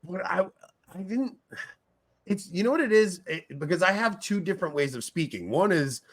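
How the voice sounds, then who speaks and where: A man's voice: high voice, lively intonation, normal speed, a bit bright, no echo. A man from Long Island with a New York accent, hosting a casual podcast chat, laughing often and restarting his sentences. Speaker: podcast host.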